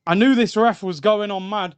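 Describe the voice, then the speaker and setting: A young man, voice sitting a bit high, streaming a live football watchalong. He reacts indignantly and talks straight to his viewers, calling them lads and bro. The voice is close and clear on a streaming mic. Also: moderate pace. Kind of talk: live match watchalong commentary.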